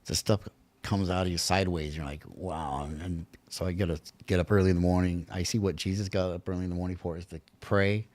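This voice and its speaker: A man's voice: deep voice, fairly even intonation, brisk, darkish tone. A man who works in recovery, sharing fervently in a video-call meeting, in a preacher-like way about prayer. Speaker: recovery worker and meeting regular. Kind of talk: spiritual sharing in a support meeting.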